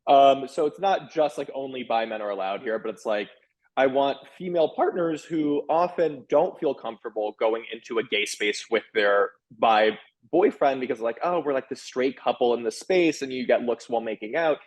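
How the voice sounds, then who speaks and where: Frank, animated man talking candidly. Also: medium pitch, poor audio. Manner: animated, frank, quick restarts and "like" fillers. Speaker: author and sex columnist, guest. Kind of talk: candid conversational interview.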